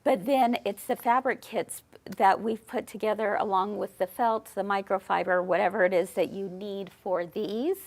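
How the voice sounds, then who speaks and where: A woman's voice: mid-range voice, fairly even intonation, moderate pace, hardly any pauses. A woman hosting a live shopping show, gushing with bubbly enthusiasm as she shows off new products. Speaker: host.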